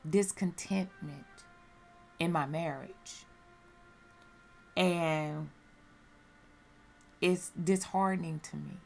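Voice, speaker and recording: A woman gives a personal religious testimony in a low, gravelly voice. She speaks slowly and earnestly, repeating her phrases for emphasis. Faint music plays behind her. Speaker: podcast speaker sharing testimony.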